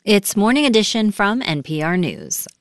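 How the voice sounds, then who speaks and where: A woman hosting a radio news show, asking measured, probing questions in an interview. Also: medium pitch, big pitch swings, no echo, clean studio sound.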